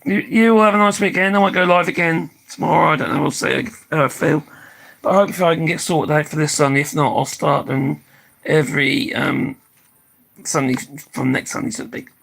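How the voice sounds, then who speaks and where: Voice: mid-range voice, steady tone, fairly quick, creaky, a bit bright, low-quality recording. An older speaker chatting casually on a live stream, tired and losing their voice, swearing freely and laughing often.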